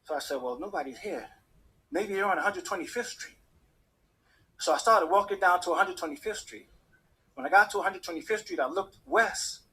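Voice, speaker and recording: A man telling a personal story in an animated way, acting out the people in it. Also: sits high, brisk, slightly rough. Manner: animated, acts out the voices of people in his story. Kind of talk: personal story told to an audience.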